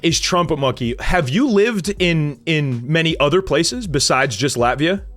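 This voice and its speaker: A man hosting an interview show over a video call, with a somewhat high voice. He rambles and restarts his questions, slipping in playful wordplay as he goes. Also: animated, a little slow, fairly bright tone, faint music behind. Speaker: podcast host. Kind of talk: casual interview chat.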